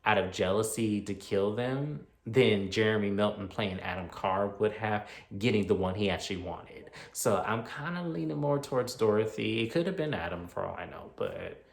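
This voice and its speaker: A man giving a casual movie review, retelling the plot in an animated, opinionated, slangy way. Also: fairly low pitch, moderate pace, vocal fry. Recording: roomy echo.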